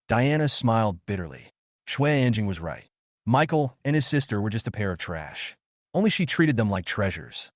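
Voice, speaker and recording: Lively male story narrator. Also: fairly low pitch, moderate pace, no room sound, clean studio sound. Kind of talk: scripted narration.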